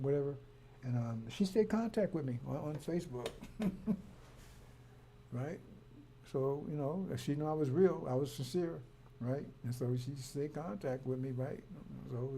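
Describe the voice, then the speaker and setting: A man's voice: mid-range voice, vocal fry, warm tone, slight background noise. A man telling a story and ranting in a heated, rambling way, repeating himself often. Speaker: broadcaster. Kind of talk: casual monologue.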